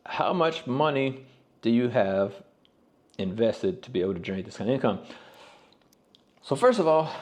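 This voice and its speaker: A man's voice: fairly low pitch, darkish tone. A man in his forties from Kentucky with a faint Southern accent, answering viewer questions in a blunt, casual vlog. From Kentucky, USA. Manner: blunt, plain-spoken, laughs things off.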